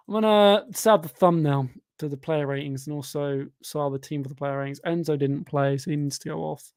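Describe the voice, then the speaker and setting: A man's voice: on the high side, a little fast, hardly any pauses, darkish tone, smooth. A young man hosting a live football watchalong, sarcastic and exasperated, doing mock commentary. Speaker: fan channel host.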